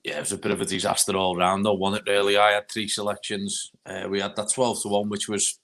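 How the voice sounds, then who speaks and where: A man's voice: on the low side, level tone, fast talker, fairly bright tone. A man from England giving racing tips with dry, teasing banter in casual chat. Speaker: resident tipster.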